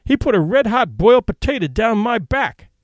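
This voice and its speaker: A jittery small-time crook whose voice climbs higher as he frets and complains, as a male storyteller puts him on. The lines swing widely in pitch, anxious and pleading, in a dry, close audiobook recording. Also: big pitch swings, normal speed, no echo. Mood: aggrieved. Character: nervous bungling male kidnapper, gruff and fretful.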